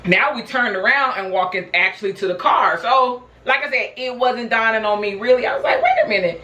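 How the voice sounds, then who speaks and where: A woman's voice: a little high, fairly quick, bright, forceful tone, roomy sound, highs cut off. A woman vlogger telling a personal story in a casual, chatty way, laughing often and talking straight to her viewers. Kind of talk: casual storytelling while snacking.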